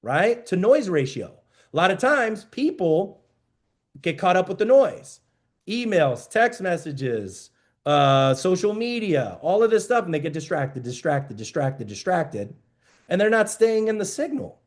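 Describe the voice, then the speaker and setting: A man's voice: sits high, big pitch swings, measured pace. A man giving a motivational business talk to a mastermind group, emphatic and repetitive, coaching his listeners. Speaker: business mentor.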